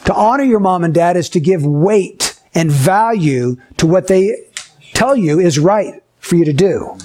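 Male Bible teacher, high voice, talks to kids and acts out little scenes as examples. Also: lively intonation, unhurried, darkish tone. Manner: asks the listeners questions and acts out short scenes. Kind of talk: Bible lesson for children.

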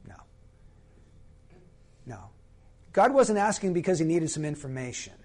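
A man preaching a sermon in an earnest, emphatic way, slowing down to stress key phrases. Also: a little high, sing-song, darkish tone.

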